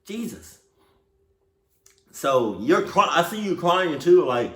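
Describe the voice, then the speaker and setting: A man's voice: a little high, very animated, slow pace, pauses often, fairly bright tone. A man hosting a reaction video, talking casually with slang and swearing as he blurts out reactions. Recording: roomy echo.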